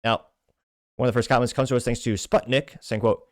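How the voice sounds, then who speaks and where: A man's voice: mid-range voice, fast talker, dry recording, studio quality. A man hosting a podcast, casually reading social media comments aloud in a stumbling, self-deprecating way with frequent restarts. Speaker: podcast host.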